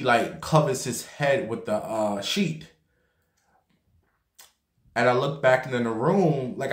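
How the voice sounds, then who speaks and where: A man vlogging a casual story in a chatty, animated way, swearing freely and saying "like" a lot. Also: medium pitch. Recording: roomy echo.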